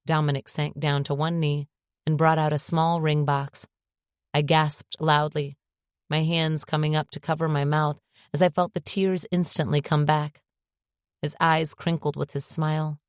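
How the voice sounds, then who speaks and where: Low-pitched female audiobook narrator, expressive first-person read, dry close mic. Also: moderate pace, clear, resonant tone, no echo.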